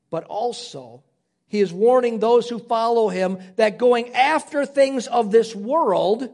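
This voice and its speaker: High-voiced man preaching a sermon. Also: a little mellow. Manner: earnest, slows and drops low on scripture. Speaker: pastor.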